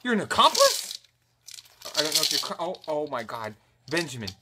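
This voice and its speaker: A woman's voice: low voice, wildly swooping pitch, brisk. Playful woman in mock-news anchor mode. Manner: mock-formal anchor voice, breaking into laughter. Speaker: mother playing mock news reporter. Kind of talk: playful home-video make-believe. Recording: home video with clear background noise.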